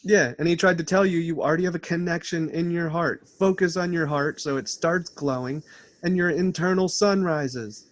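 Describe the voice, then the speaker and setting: A man's voice: on the high side, normal speed. A man in casual conversation who explains his spiritual views in an earnest, preachy way. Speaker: channel host.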